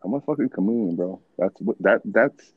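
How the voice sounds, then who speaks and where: A man's voice: on the low side, expressive, brisk, narrow, tinny audio, slight background noise. A man hosting a podcast in casual, laid-back chat, swearing often and calling people bro and dude. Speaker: podcast host.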